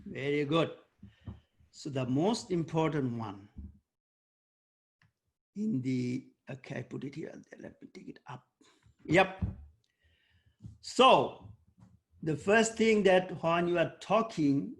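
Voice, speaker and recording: A man teaching an online debate workshop over a video call. He coaches and quizzes students by name, and he often pauses and searches for words with fillers. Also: a little high, animated.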